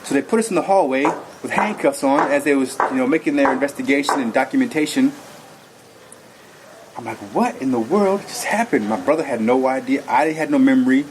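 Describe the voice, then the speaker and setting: A man tells his own story in an earnest, rambling way, stopping often for fillers and restarts. His voice sits at an ordinary middle pitch. A faint noise hums under the recording. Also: brisk. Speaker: guest telling his story. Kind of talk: personal testimony.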